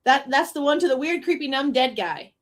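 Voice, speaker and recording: A woman's voice: sits high, expressive, fairly quick. A woman streaming true-crime reaction commentary, incredulous and laughing, cursing freely.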